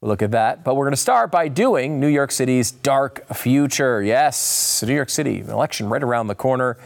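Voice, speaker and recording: A man hosting a political commentary show, tired and a bit hoarse, talking in a rambling way that often breaks off and restarts. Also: medium pitch, normal speed. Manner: rambling, self-interrupting, animated asides. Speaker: show host.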